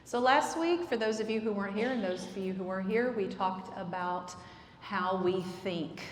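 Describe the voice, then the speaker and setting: A woman marriage counselor gives an earnest talk on marriage in a church hall, explaining things at a moderate pace in a mid-range voice and using lots of fillers. The hall sounds echoey, with faint ambience and slight background noise.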